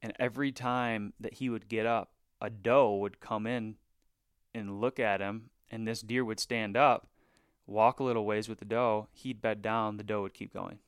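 Smooth-voiced man telling a hunting story. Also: fairly low pitch, normal speed, dry recording, clean studio sound. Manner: animated, filler-heavy retelling with hushed asides. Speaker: bowhunter guest. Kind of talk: casual podcast storytelling.

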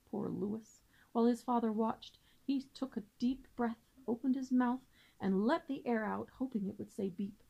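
A woman teacher reading a children's book aloud with gentle, steady storytelling. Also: fairly high pitch, moderate pace, creaky, low-quality recording.

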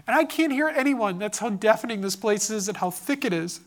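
A man's voice: high-pitched, animated, a little fast, background noise. A man giving an earnest, impassioned sermon-style testimony, telling a personal story about his son. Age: adult father.

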